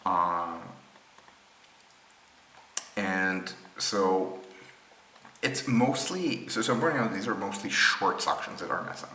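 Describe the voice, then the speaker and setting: A man with a low yet bright, cutting voice talks through rail maps off the cuff. He pauses often with ums and restarts sentences as he thinks. The sound is roomy, with a faint hum of ambience behind him. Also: lively intonation. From Israel. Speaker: presenter explaining rail maps. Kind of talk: unscripted screen-share explainer.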